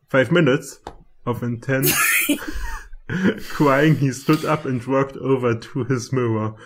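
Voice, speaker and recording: Deadpan man riffing a fanfic. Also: mid-range voice. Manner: dry, deadpan jokes. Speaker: fanfic riff co-host. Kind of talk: casual riffing and reading aloud.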